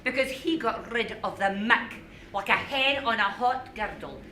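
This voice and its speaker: A woman's voice: a little high, a little slow, pushed and bright, recorded from a distance. A woman playing the bossy, teasing ghost of an old grandmother, scolding and mocking her grandson in a live stage play. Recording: echoey stage, recorded from afar, faint noise.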